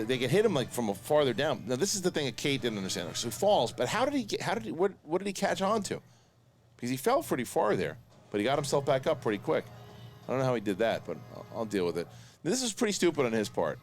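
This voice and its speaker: A man hosting a casual watch-along review, talking excitedly in quick bursts and laughing often. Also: mid-range voice. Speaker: host.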